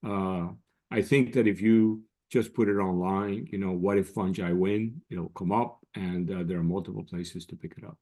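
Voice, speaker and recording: A man with a fairly low voice talks as an expert guest in an interview. He explains patiently and measuredly, often restarting his sentences before finishing a thought. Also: steady tone, moderate pace, mellow. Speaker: guest scientist. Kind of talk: interview answers.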